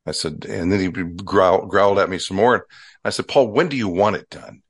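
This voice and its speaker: A man's voice: sits low, moderate pace. An older man recalling his radio days in a casual, matter-of-fact way. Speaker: former radio executive, guest. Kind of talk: casual storytelling conversation.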